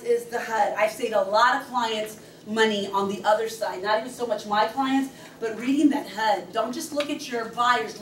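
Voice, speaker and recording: A middle-aged woman in real estate talks her team through her routine with quick, passionate energy, getting loud when she is excited. Her voice sits a little high and rings around an echoey meeting room, picked up from a distance with faint room noise. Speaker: real estate agent guest speaker. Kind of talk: training talk to a team meeting. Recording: echoey room, speaker far from the camera mic.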